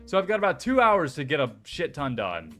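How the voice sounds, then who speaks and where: Chatty excitable male streamer. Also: on the high side, brisk, soft background music. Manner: chatty, excitable, swears casually. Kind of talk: casual chat.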